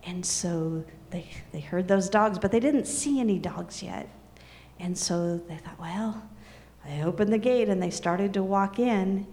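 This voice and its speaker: A woman telling a serialized story in an unhurried, soft-spoken way. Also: medium pitch.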